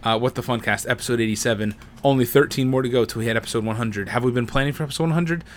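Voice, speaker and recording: A man's voice: mid-range voice, racing, slight background noise. A man hosting a casual gaming podcast, rambling and joking at his own slip-ups. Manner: rambling, self-mocking, loose. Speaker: podcast host.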